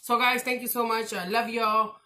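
A woman vlogger chatting casually to camera, rambling and excitable, with slangy, direct talk. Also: on the high side, moderate pace. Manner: rambling, talkative, animated and excitable; slangy, direct, says "y'all" and "your girl".

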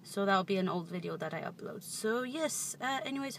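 A woman's voice: medium pitch, lively intonation, a little fast, hardly any pauses, slight background noise. A young woman in her twenties vlogging from inside a parked car. She rambles playfully in a put-on British accent. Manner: playful, rambling, self-amused. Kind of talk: casual vlog chat. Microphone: handheld camera close up.

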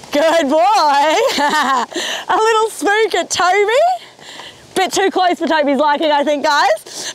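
High, lively woman trainer outdoors. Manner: encouraging, chatty, coos praise to the horse. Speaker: horse trainer. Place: outdoors in windy, rainy weather.

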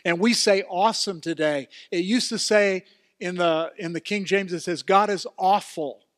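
An older man preaching a sermon as pastor, emphatic and building to loud exclamations. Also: high-pitched, moderate pace, no echo, studio quality. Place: church.

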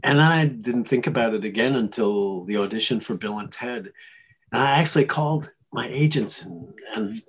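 A male actor telling stories in a casual interview, animated and chuckling, often restarting his sentences. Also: mid-range voice, normal speed, slightly rough. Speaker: actor guest.

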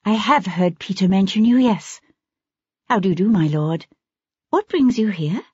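A woman voicing a delicate, wary young wife in an audiobook, raising her voice soft and nervous. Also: mid-range voice, animated, measured pace, husky, no room sound, dull audio.

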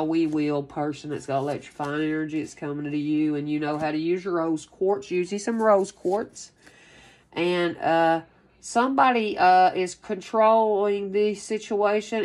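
A woman doing a casual tarot reading, rambling and excitable, repeating phrases and swearing freely. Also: low voice. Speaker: tarot reader.

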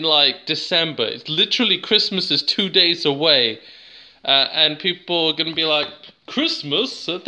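A man's voice: a little high, bright, forceful tone. A man from England chatting casually to camera as he reviews a plant, joking and wandering off on tangents, recorded on a handheld camera. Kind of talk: casual rambling chat to camera.

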